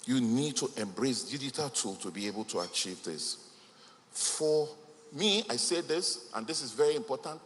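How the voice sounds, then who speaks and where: A man's voice: medium pitch, animated, normal speed, a little hiss or hum. A man giving an emphatic motivational speech at a business event in a large hall, repeating key phrases for weight. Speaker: conference speaker. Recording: echoey hall with faint ambience.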